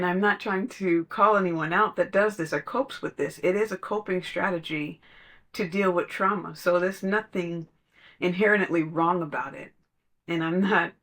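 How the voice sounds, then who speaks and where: A podcast speaker at an ordinary, middle pitch, talking through spiritual ideas in a casual way. The delivery is conversational and drifts into storytelling, with laughs now and then. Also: fairly bright tone.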